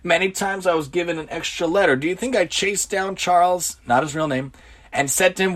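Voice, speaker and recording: A man with a somewhat high voice delivers a religious lecture about everyday behavior. He talks earnestly, firing off rhetorical questions, often repeating words, and he drops Hebrew and Yiddish terms into his speech. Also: a little fast, fairly bright tone. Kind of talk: Torah lecture on everyday conduct.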